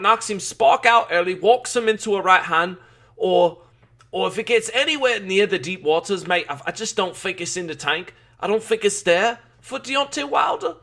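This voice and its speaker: A man doing a put-on British accent, playing an excitable British boxing pundit who keeps saying "mate". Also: high voice, voice pushed up. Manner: excitable, peppers lines with "mate" and "fam". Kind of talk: mock British punditry on a live stream.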